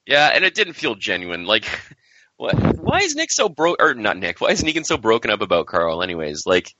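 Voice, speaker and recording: A man co-hosting a casual podcast chat, talking in a lively, offhand way. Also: lowish voice, moderate pace, background noise. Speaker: podcast co-host. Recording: dull lo-fi podcast audio.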